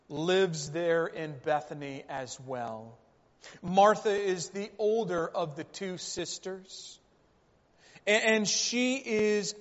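A man preaches slowly and deliberately, repeating key phrases and posing rhetorical questions. His voice sits high. The recording is dull and lo-fi, with a long reverb. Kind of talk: sermon. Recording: reverberant hall, dull lo-fi sound.

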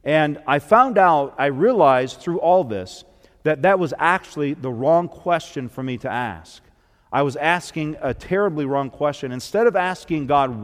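A man, a minister, preaching a sermon as an earnest storyteller who builds up and then drops soft. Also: fairly high pitch, animated, normal speed. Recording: long hall reverb.

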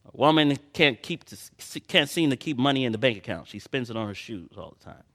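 A man preaching a sermon, moving between quiet personal storytelling and loud impassioned passages, reading scripture in old-fashioned phrasing. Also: medium pitch, animated, fairly quick.

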